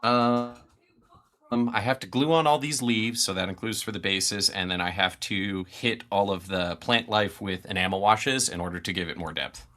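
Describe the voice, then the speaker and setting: A man with a very deep voice and a bright, forceful edge talks through a painting method. He explains patiently, step by step, in a casual live-stream chat. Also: moderate pace.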